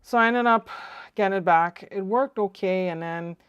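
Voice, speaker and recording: A woman's voice: medium pitch, moderate pace, smooth, no room sound, muffled recording. A woman hosting her own ham radio live stream, chatting casually and rambling with lots of fillers. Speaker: ham radio channel host. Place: home radio shack.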